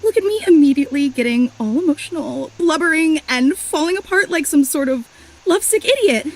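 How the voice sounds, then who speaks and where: A woman's voice: high-pitched, animated, brisk, poor audio. A woman voicing an overly emotional, clingy young female superfan in a video game, gushing and apologizing in a tearful rush.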